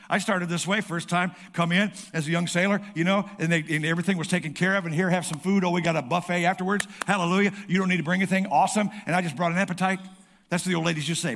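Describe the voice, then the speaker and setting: A middle-aged male pastor preaching a lively sermon, calling out to the congregation and acting out quick asides. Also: a little high. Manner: lively preaching with audience call-outs and playful asides.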